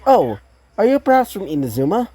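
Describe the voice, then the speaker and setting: A woman's voice: mid-range voice, sing-song, a little fast, warm tone. A woman reading the lines of a friendly, easygoing young female traveler.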